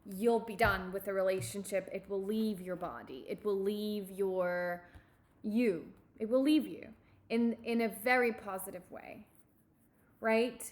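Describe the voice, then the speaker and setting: A woman giving a tarot reading, speaking in a halting, reassuring way and often repeating her words. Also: medium pitch. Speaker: tarot reader.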